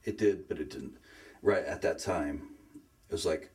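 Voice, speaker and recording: A man telling his faith story in a casual conversation, earnest and emotional, often pausing to search for words. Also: low voice, darkish tone. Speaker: guest sharing faith story.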